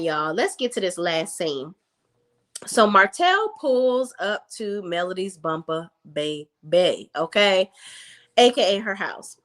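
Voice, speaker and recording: A woman giving a casual, sassy recap of a reality TV episode, telling the story in lively slang. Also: mid-range voice. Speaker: recap vlogger.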